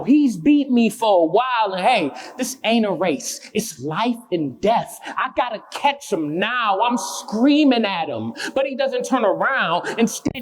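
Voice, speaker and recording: A young man performing spoken word poetry with a rhythmic, impassioned delivery and chatty asides between pieces. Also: sits high. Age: young adult.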